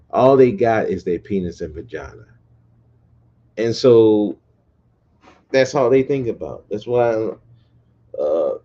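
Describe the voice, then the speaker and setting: Male podcast host, blunt profane rant, mellow tone, dull lo-fi audio. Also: lowish voice. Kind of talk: casual livestream rant.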